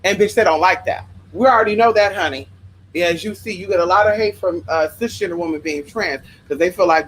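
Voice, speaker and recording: A woman's voice: fairly low pitch, a little fast, a little hiss or hum, low-quality recording. Sassy, profane woman ranting on livestream. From Los Angeles. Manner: sassy, profane, emphatic, calls listeners honey. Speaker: livestream host. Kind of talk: spiritual advice rant on livestream.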